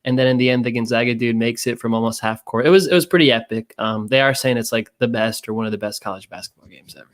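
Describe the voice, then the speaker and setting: A man co-hosting a sports podcast, telling stories in an animated, incredulous way. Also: mid-range voice, quick pace. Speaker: podcast co-host. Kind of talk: casual sports chat.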